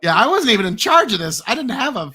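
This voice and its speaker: A man's voice: very high voice, sing-song, fast talker, bright, forceful tone, slightly rough. Wry, jokey man hosting a chat show. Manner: wry, jokey, showman-like introductions. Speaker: podcast host. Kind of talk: casual chat reacting to old posts.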